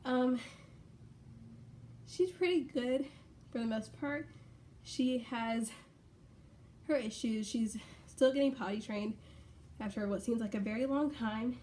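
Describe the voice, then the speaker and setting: A young woman rambling casually in a home vlog, full of fillers and excited asides. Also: a little high, slow pace, pauses often, a little hiss or hum. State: out of breath. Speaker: vlogger. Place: bedroom at home.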